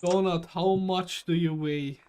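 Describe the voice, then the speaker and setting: Speak slowly and ramble like a young man joking with a friend on a voice call, now and then yelling. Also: high-pitched, steady tone, slight background noise. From Germany. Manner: rambling, joking, bursts into shouting. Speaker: podcast co-host. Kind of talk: casual chat. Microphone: online voice call.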